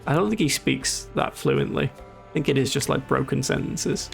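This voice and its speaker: Welsh guy rambling jokes while he plays, bit gravelly, game music going behind. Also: medium pitch, moderate pace. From Wales. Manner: rambling, jokey banter. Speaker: streamer. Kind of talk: casual gaming commentary.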